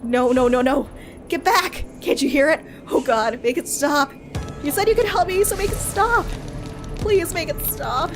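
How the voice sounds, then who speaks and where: A woman's voice: sits high, a little slow, music in the background. A woman voicing a frantic, paranoid young woman in a game, with shrieking, panicked outbursts. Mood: terrified. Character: frantic possessed young woman threatening others. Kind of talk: voicing game dialogue on stream.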